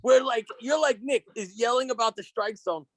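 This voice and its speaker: A man's voice: very high-pitched, normal speed, crowd noise. A man co-hosting a podcast, telling profane stories in casual chat and laughing often. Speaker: podcast co-host.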